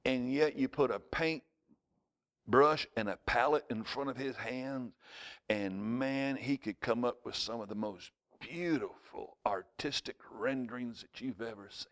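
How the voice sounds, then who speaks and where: Male pastor preaching; lively storyteller who acts out shouting voices. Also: medium pitch, a little slow. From United States. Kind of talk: sermon.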